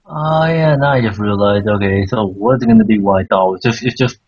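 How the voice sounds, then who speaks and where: A man's voice: lowish voice, fairly quick, a little mellow, muffled recording. A man making short, wry remarks in a casual podcast chat. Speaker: podcast co-host.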